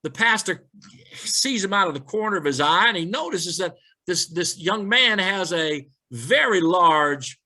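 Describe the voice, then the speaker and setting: Animated male pastor telling jokes. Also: high-pitched, measured pace. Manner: animated joke-telling, acting out characters. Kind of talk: light-hearted sermon storytelling.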